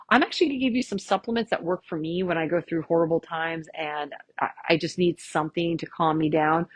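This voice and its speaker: Husky woman leading a casual workshop. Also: lowish voice, dry recording. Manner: chatty and self-mocking, guides breathing counts. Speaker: chiropractor leading a stress workshop. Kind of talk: casual live workshop talk.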